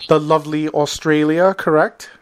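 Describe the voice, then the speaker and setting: A man's voice: on the high side, little pitch movement, normal speed, clear, resonant tone. An American man hosting a podcast interview, friendly and casual, often laughing and using filler words. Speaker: podcast host.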